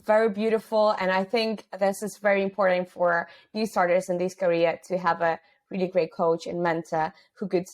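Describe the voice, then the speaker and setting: A woman's voice: fairly low pitch, flat delivery, normal speed. A woman hosting a casual interview, affirming her guest. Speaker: podcast host.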